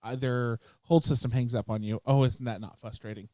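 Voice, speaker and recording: Fast-talking young man, mellow voice. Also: medium pitch, fairly even intonation, no echo, studio quality. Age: young adult. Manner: quick, chatty, self-deprecating interjections. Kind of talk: casual chat.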